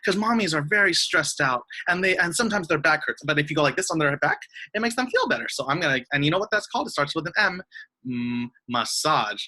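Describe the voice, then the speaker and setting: Young guy teacher talking to little kids, sing-songy and slow, bright voice that bounces around a lot. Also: fairly high pitch, expressive, rough recording. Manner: sing-song, speaks slowly and sweetly to small kids. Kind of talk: online lesson for young children.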